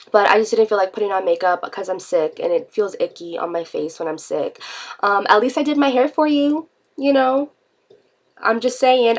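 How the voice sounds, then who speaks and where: Stuffy congested woman rambling through her vlog, kinda gravelly voice, chatty and self-deprecating. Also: mid-range voice. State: congested from a cold. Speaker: vlogger. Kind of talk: unscripted casual vlog.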